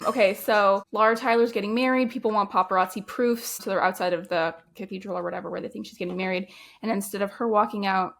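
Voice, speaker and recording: A woman co-hosting a podcast, chatting casually about a movie in a relaxed, slangy way and laughing often. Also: medium pitch, quick pace. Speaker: podcast co-host.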